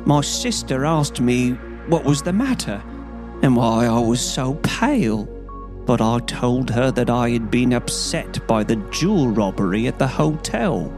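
A man reading an audiobook, voicing a cringing, panicked young male thief with a crackling voice who begs in a high, strained tone. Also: animated, unhurried, over music. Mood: confessing. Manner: begging, high-strung, voice leaping upward. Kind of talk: audiobook character voice.

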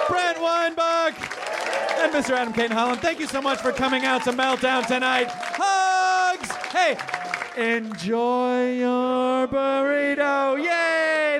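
Male showcase host, high excited voice, slow drawn-out calls, thundering applause and noise. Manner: exuberant, shouting names to applause. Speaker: show host closing the showcase. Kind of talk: excited sign-off and introductions. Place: comedy theater stage. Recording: live stage recording, loud crowd and noise. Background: loud applause and cheering.

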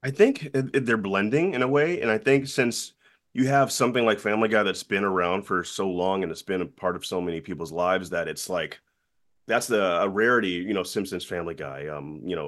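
A young man talking as a guest on a podcast, chatting casually and telling stories with energy. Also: deep voice. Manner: lively storyteller who acts out quoted people. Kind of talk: casual interview chat.

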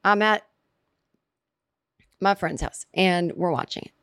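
A woman's voice: fairly low pitch, slow, a bit bright, clean tone, dry recording. A woman telling a casual comic story, rambling and chatty, acting out quoted reactions as she goes.

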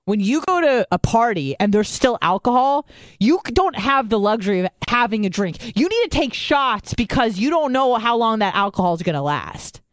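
A woman's voice: a little high, sing-song, normal speed, no room sound. Chatty swearing American woman, dry sound. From San Diego. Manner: chatty storytelling, swears a lot, mimics voices. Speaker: podcast host. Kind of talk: casual chat.

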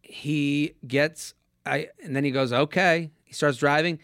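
A man's voice: fairly high pitch, unhurried, fairly bright tone, smooth, no room sound, studio quality. A young adult man hosting a casual comedy podcast, telling stories and acting out the voices of people he quotes. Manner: storytelling, acts out voices in quotes. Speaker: podcast host.

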